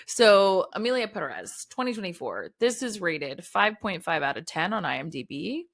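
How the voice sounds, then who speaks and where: A woman, co-hosting a podcast in casual, animated chat and often saying "y'all". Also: fairly low pitch, moderate pace, gravelly. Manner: chatty, animated, says "y'all". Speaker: podcast co-host.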